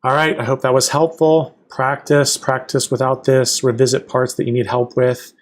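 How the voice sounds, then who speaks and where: A man's voice: medium pitch, little pitch movement, moderate pace. A man teaching a Hebrew reading lesson, patiently naming each letter and vowel one at a time.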